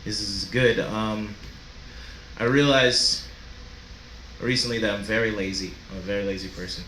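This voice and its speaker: Bright-voiced man doing stand-up. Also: on the low side, steady tone, moderate pace, roomy sound, slight background noise. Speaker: stand-up comedian. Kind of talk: stand-up set. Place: comedy club stage.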